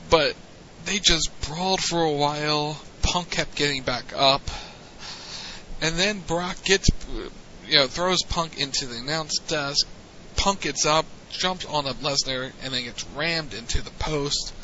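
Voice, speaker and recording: A man recounts events slowly and calmly as co-host, often backing his partner with a quiet "mm-hmm." His voice has a very bright, sharp edge. The audio is dull and lo-fi, with a faint hiss underneath. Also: a little high. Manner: unhurried storyteller, frequent "mm-hmm". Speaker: podcast co-host. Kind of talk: casual wrestling recap chat.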